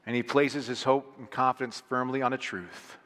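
A man's voice: mid-range voice, fairly even intonation, moderate pace, fairly bright tone. Emphatic male pastor in an echoey hall. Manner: earnest, emphatic, leans hard on single words. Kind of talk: sermon. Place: large church hall.

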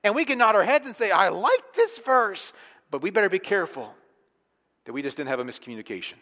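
A man in a church with a fairly high voice preaches his sermon, chatty and emphatic, sometimes sinking to a hushed, intense tone. His voice rings out with a long reverb in the large hall. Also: sing-song, racing. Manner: conversational, emphatic, drops to quiet intensity. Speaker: pastor.

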